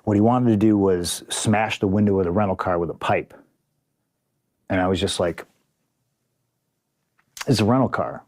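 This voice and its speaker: A man's voice: sits low, fairly even intonation, moderate pace, darkish tone. A man in a casual podcast interview, telling a story in a profane, vivid way and acting out what others said. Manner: profane, vivid, acts out dialogue. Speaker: podcast guest, pro wrestler.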